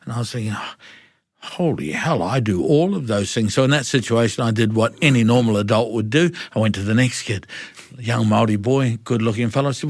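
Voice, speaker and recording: Animated New Zealand man telling stories. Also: medium pitch, a little fast, dry recording, clean studio sound. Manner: animated storyteller acting out dialogue. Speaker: guest. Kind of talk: candid interview storytelling.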